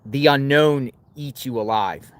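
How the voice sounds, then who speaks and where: A male host on a live stream, speaking at a middle pitch. He keeps his words calm and brief, mostly prompting and agreeing with the caller. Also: unhurried, clean tone.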